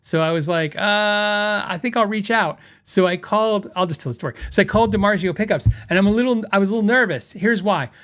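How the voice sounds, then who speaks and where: A podcast host with a fairly high voice for a man tells a story in a loose, rambling way. He restarts sentences and laughs often as he talks. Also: quick pace, hardly any pauses, fairly bright tone. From western United States.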